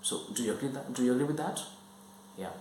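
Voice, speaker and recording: A man giving a lesson, explaining slowly and often checking whether the listener follows. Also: medium pitch, a little mellow, roomy sound, slight background noise, poor audio. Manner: repetitive, checks understanding often. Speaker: English teacher.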